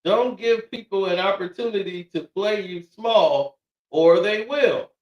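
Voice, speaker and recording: A man's voice: high voice, a little slow, lo-fi sound. A man doing comedic commentary, laughing often and reading quotes in mocking voices. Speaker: commentary streamer. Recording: echoey room, far from mic.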